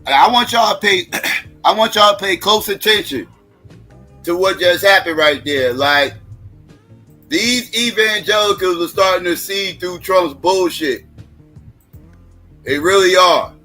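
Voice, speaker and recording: Fiery high-voiced male stream host. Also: measured pace, long pauses, pushed and bright, soft background music. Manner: heated, blunt and repetitive, addressing viewers directly. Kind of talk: profane political commentary.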